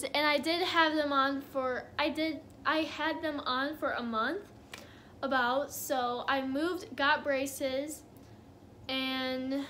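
A woman's voice: sits high, a bit bright, slight background noise. A young woman telling a casual storytime on her vlog, chatty and giggly with lots of fillers. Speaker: vlogger.

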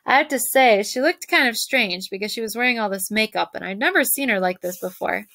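Brief: woman teacher reading a novel aloud to her class, lively, dry close sound. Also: fairly high pitch, brisk, dry recording. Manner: lively, shifts voices for characters.

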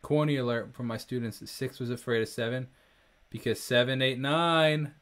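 A man chats on a livestream from a room at home, reading viewer jokes aloud one after another. He keeps breaking into laughter as he talks, and his voice sits at an ordinary, everyday pitch. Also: steady tone, normal speed, fairly bright tone. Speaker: livestream host. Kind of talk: casual livestream chat.

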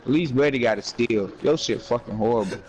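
A man's voice: mid-range voice, a little fast, darkish tone, slight background noise, poor audio. A man trash-talking over game voice chat, toxic and taunting, heaping profane insults, speaking into a headset mic. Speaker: online opponent in voice chat. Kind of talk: trash talk. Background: background music.

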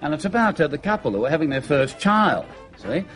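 An Australian man telling jokes on a TV show, lively and full of character voices. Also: fairly high pitch, brisk, over music. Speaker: comedian. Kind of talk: stand-up joke telling.

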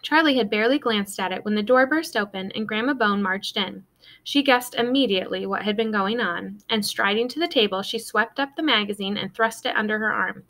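A woman teacher reading a children's novel aloud to her students in a steady storytelling voice. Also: medium pitch, fairly quick.

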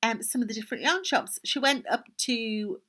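An older woman with a Geordie accent, hosting a knitting podcast in a chatty, rambling way, often dropping into soft asides. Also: fairly high pitch, moderate pace. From North East England. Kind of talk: casual chat.

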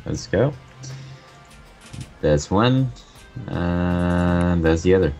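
A man's voice: low voice, animated, very slow, darkish tone, faint music behind. A man playing a tabletop game, hesitant and laughing between moves. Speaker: player. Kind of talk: casual tabletop game chat.

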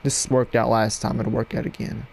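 A man giving live gameplay commentary at his computer desk at home, excitable and yelling at opponents in bursts, on a cheap mic with no windscreen. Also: mid-range voice, normal speed, creaky, a little hiss or hum. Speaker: gaming channel host. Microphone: cheap headset mic without windscreen.

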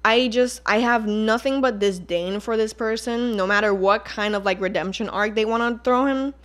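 A woman's voice: on the high side, moderate pace, fairly bright tone. A young Puerto Rican woman with a Puerto Rican accent, hosting a casual solo podcast in a heated, exasperated tone, swearing and mixing Spanish into her English. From Puerto Rico. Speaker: podcast host.

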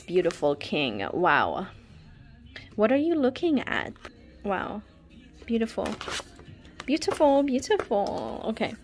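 A young woman chatting casually while unboxing albums, gushing and dramatic, full of laughs and sudden whispers. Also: mid-range voice. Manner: gushing and dramatic, lots of "like" and "wow", frequent laughs, drops to whispers. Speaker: K-pop fan vlogger.

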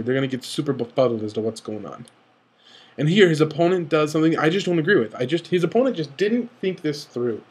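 Young male commentator, fairly high and a touch breathy, eager and rambling as he talks through a game. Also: a little mellow. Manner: eager, rambling, often rushes and self-corrects. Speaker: card game video commentator. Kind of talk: excited game analysis commentary.

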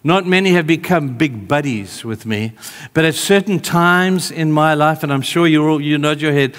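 A man preaching a sermon in a church hall, conversational, moving between emphatic calls and hushed, tender asides. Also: fairly high pitch.

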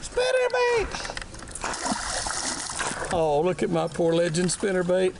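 An older man hosting a fishing show from a boat, talking in a folksy, chatty way and exclaiming loudly as fish strike. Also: a little high, animated, normal speed, vocal fry, noisy background. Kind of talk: excited on-the-water commentary.

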